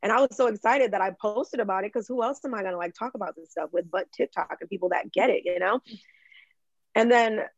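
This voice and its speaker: In a dry, dull lo-fi recording, a young woman from Michigan chats with a gravelly edge to her voice. She restarts her sentences often and fills them with "like", in an easy, unscripted podcast style. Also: medium pitch, no room sound. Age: young adult. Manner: chatty, full of "like", quick restarts. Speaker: guest, social media creator. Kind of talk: casual podcast chat.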